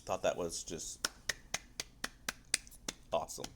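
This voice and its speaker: A man's voice: deep voice, fairly even intonation, slow, heavy background noise. A man giving a casual spoiler review of a film, loose and rambling, with frequent swearing.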